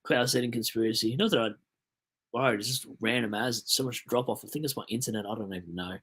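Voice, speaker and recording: A young Australian man talks on a livestream, loose and rambling, his voice sitting at an ordinary middle pitch. He reads viewer messages aloud and answers them as he goes. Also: fast talker, fairly bright tone, breathy edge. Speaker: livestream host. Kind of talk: casual livestream chat.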